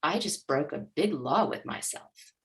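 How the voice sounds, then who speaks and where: A middle-aged woman with a low, deep voice speaks as a coach in an interview. She tells her story with energy and often slips into the nervous inner voice she once had. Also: unhurried. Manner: animated, acts out her inner voice. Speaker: guest, money mindset coach.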